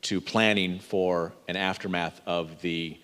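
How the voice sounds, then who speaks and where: Man, interviewer, slow halting delivery, searching for words, long hall reverb. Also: low voice, steady tone, a bit bright, smooth. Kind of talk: asking questions at a live book fair talk.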